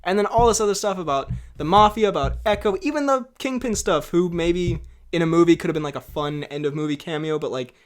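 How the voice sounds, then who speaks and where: A man's voice: fairly high pitch, a little fast, hardly any pauses, smooth. A man co-hosting a podcast in casual chat, rambling and laughing often. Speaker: podcast co-host.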